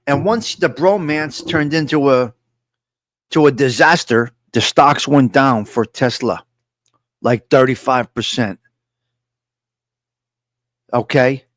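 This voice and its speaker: A man's voice: medium pitch, takes it slowly, long pauses, no room sound, rough recording. A man hosting a casual live-stream show, boastful and joking, often repeating himself.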